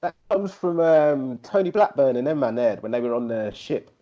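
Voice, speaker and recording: A man, co-hosting a podcast and telling animated, slangy stories in casual chat. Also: medium pitch, normal speed, dull audio. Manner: animated storyteller, slangy, slips into put-on MC voices. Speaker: podcast co-host.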